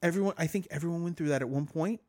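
A man's voice: fairly high pitch, racing, darkish tone, no echo, clean studio sound. A man co-hosting a music podcast, talking casually in a blunt, profane, opinionated way. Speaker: podcast co-host. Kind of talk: casual chat about music.

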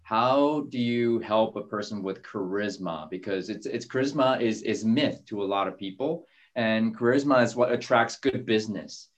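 A man's voice: on the low side, normal speed, few pauses. A man hosting a group call, talking casually with fillers and restarts.

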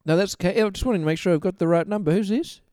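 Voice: medium pitch, very fast, warm tone, dry recording, clean studio sound. Playful comedy podcast co-host. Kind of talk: improvised comedy radio bit.

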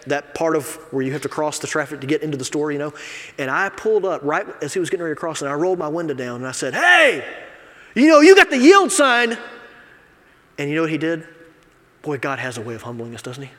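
An assistant pastor preaching a sermon in a conversational, confessional way, swinging from quiet asides to loud emphasis. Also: male voice, a little high. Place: church sanctuary. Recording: long reverb of a church hall.

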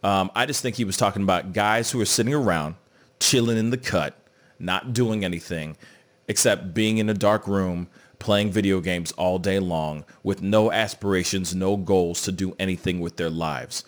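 A man's voice: low-pitched, normal speed. A young man hosting a casual morning show, rambling loosely with lots of fillers, still in his morning voice. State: morning voice, a bit cracky. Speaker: show host.

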